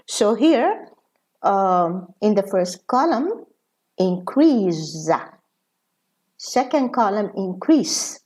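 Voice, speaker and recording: A woman professor of English teaching a pronunciation lesson, talking slowly and deliberately with frequent fillers. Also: mid-range voice, a little mellow.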